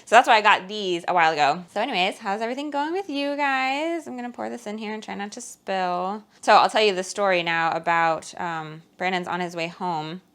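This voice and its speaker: A woman's voice: medium pitch, a little fast, few pauses, a bit bright, smooth. A woman vlogger chatting casually to viewers while working in her home kitchen. She rambles, fills her talk with "like" and "um", and laughs between phrases. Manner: chatty and rambling, heavy use of "like" and "um". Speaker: frugal-living vlogger.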